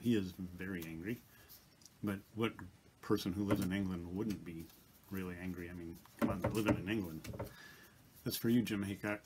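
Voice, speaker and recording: Man, fairly low voice, casual home vlog, basement bedroom, small tabletop mic, dry humor, faint background hiss. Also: a little mellow. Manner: plain, dry self-deprecating humor. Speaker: vlogger. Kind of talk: casual vlog talk to camera. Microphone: small tabletop mic on a tripod.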